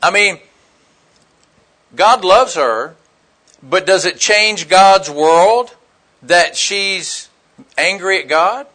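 Male preacher, straight-talking storyteller with a high, ringing voice. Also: extremely slow, pauses often, bright, forceful tone. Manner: blunt, folksy storytelling with rhetorical questions. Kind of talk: conversational sermon.

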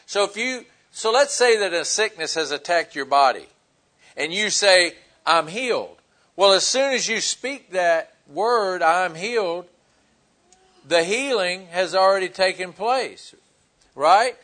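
High-voiced man preaching. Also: expressive, unhurried, bright, forceful tone. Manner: conversational preaching with fillers, acting out Bible dialogue. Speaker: pastor. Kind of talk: sermon.

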